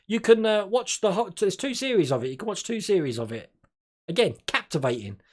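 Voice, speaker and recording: A man's voice: high voice, very animated, fairly quick. A man from Australia hosting a casual live stream, chatting and laughing often and tripping over his words now and then.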